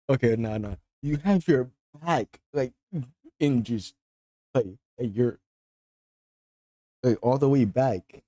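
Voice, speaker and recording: Male streamer, slow mellow delivery, dry close sound, mocking reaction commentary. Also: mid-range voice, no echo. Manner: laughing and mocking, rambling with fillers.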